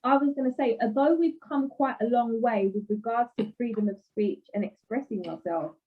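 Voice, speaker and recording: Brit woman cohost, kinda high voice, chatty friendly, few ums. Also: a little fast, phone-quality sound. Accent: British. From United Kingdom. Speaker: podcast co-host. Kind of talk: casual interview chat.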